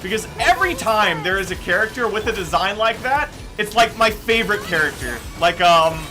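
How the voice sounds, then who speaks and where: A young man chats casually while streaming a game, his high-pitched, sing-song voice moving briskly over background music. He rambles and goes off on tangents, using "like" and "um" constantly.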